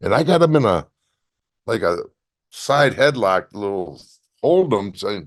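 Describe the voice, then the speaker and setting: A man, a former wrestler as interview guest, telling animated stories with blunt profanity. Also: lowish voice, measured pace, pauses often. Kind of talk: casual storytelling interview.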